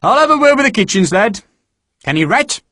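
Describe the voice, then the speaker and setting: A man reading an audiobook voices a bluff, hearty army sergeant who talks rough barrack-room slang with fondness for his recruits. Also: sits high, big pitch swings, a little fast, pushed and bright, no echo, voice pushed up, heavily acted. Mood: gruff, fond. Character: bluff older male recruiting sergeant, gruff but fond.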